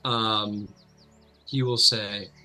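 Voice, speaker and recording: A man's voice: on the low side, flat delivery, extremely slow, music in the background, low-quality recording. A man narrating a tabletop game as game master, in a loose, rambling way full of fillers. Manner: loose, filler-heavy, many "like"s.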